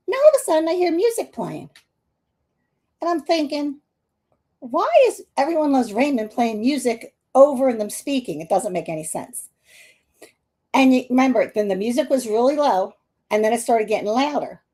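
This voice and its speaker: This woman's voice is fairly high and mellow. Tearful on a live stream she hosts as a psychic medium, she tells a long personal story in a rambling way, restarting often and making asides to viewers.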